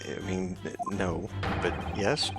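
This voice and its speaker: A man's voice: low-pitched, fairly even intonation, takes it slowly. Wry man narrating a game playthrough. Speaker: let's play host. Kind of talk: casual gameplay commentary. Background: game music.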